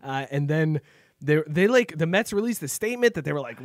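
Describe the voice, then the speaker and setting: A man co-hosting a casual podcast, with a somewhat high voice. He talks in a relaxed way and fills the gaps with "uh"s. The sound is dry and close. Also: a little fast, no echo. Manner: laid-back, many fillers and laughs. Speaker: podcast co-host. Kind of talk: casual chat.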